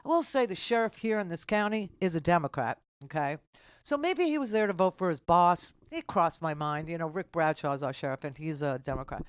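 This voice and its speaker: A woman's voice: on the low side, animated, a little fast, smooth, no room sound, clean studio sound. An older woman hosting a political talk radio show, telling a story in a rambling, sarcastic way with many restarts.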